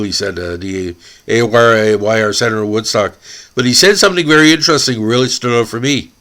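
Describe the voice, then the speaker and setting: A man from Canada hosting a hockey podcast, emotional and tearful, halting and repeating words as he speaks. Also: medium pitch, a bit bright. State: crying.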